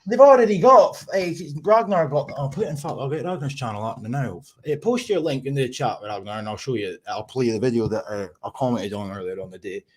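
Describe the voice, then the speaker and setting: A man's voice: medium pitch, animated, fairly quick, few pauses. A man with a Scottish accent hosting a casual livestream chat from his room, ranting and swearing constantly in an agitated way. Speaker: livestream host. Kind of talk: casual live-stream chat. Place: home room.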